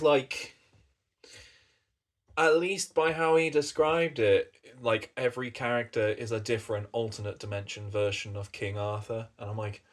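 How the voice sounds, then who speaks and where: A British man chatting casually as a coffee reviewer, rambling along and swearing in passing. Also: fairly low pitch. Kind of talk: casual chat.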